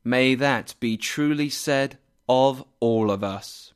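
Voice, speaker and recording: A man reading a simplified classic story aloud as narrator, slow and measured. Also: mid-range voice, clear, resonant tone.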